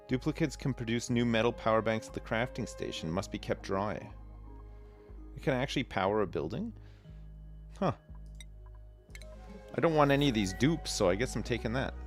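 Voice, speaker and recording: A man with a mid-range voice hosts a livestream, chatting casually about his gameplay. He rambles, pokes fun at himself, and reads the game's text out loud.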